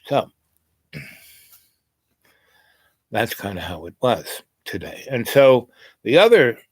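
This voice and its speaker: A man's voice: mid-range voice, sing-song, takes it slowly, darkish tone, dry recording. A man telling a meandering personal story in a casual vlog, full of "you know" asides. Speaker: spiritual vlogger.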